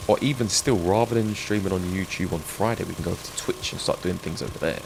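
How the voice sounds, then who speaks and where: A man's voice: low voice, quick pace, creaky. A man chatting and joking with viewers while he streams a game. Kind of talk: live gameplay stream chat. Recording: game sound noise behind.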